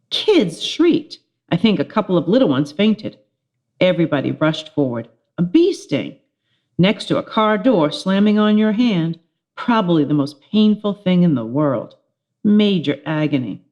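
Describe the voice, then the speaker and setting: A middle-aged woman, a teacher, reading a children's chapter book aloud, telling it with lively expression. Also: on the low side. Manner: expressive storytelling with character voices.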